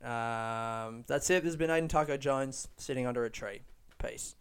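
A man's voice: medium pitch, moderate pace, very noisy. A man hosting a podcast, rambling in a laid-back way with laughs, recording outdoors under a tree. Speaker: podcast host. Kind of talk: casual podcast chat.

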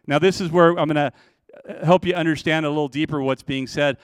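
A middle-aged male pastor delivers a sermon in a fairly high, smooth voice. He drives points home with loud, stressed phrases, then drops to slow near-whispers. The sound is dry and close, with no room around it. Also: no room sound. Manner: passionate preaching with sudden swings between loud emphasis and hushed, slowed lines.

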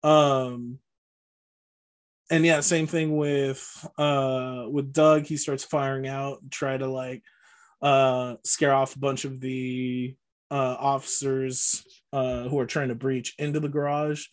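A man's voice: medium pitch, little pitch movement, slow pace. A man co-hosting a podcast, casually recapping a movie plot with lots of fillers and frequent laughs. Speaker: podcast co-host.

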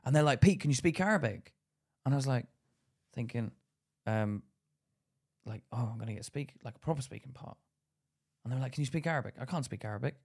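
This man co-hosts a relaxed podcast in a husky, mid-range voice, talking a little fast and pausing often. Animated and quick to laugh, he tells stories and acts out quotes.

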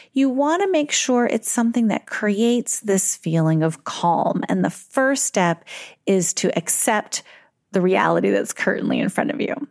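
A middle-aged woman hosting a podcast, giving parenting advice in a calm, reflective way and slowing down on key words. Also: a little high, dry recording, studio quality. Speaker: parent educator and podcast host.

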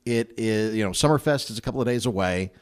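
A man's voice: lowish voice, fast, smooth. A middle-aged man from Mississippi hosting a casual interview chat, an easygoing storyteller with self-deprecating humor. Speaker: podcast host.

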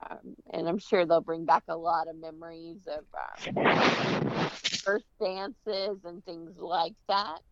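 A woman's voice: fairly low pitch, flat delivery, takes it slowly, vocal fry, lo-fi sound, slight background noise. A woman co-hosting a podcast, thanking the guest in a hesitant way with many fillers. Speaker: podcast co-host. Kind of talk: casual podcast chat.

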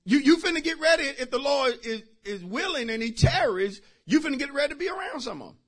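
High, lively pastor preaching. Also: male voice, fast talker. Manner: emphatic preaching with sudden shouted bursts; talks directly to the congregation. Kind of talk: sermon.

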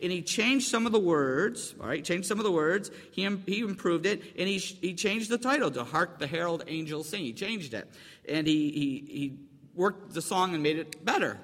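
Male pastor, slightly high voice, chatty and joking, reverberant sanctuary. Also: expressive, moderate pace, fairly bright tone. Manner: chatty and joking, asks the congregation questions. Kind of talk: conversational sermon. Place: church sanctuary. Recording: long hall reverb.

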